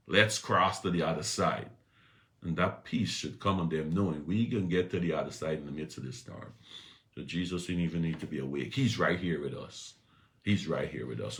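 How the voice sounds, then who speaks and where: A man giving an inspirational morning talk, preaching with repetition and loud emphatic peaks. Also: rumbling low, a little hiss or hum. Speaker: inspirational speaker.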